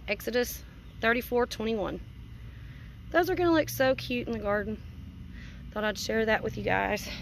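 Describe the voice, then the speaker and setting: A woman's voice: a little high, moderate pace, creaky, background noise. Chatty woman on a farm. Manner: chatty, sweet-talking her pig. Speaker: homestead vlogger. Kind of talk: casual vlog chat. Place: outdoors in a farmyard.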